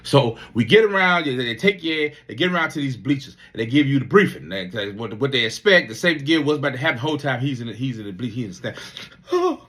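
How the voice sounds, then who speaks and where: Man, 50s, Navy veteran, casual storytelling, profane, lively pitch. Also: fast. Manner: profane, animated, repeats words.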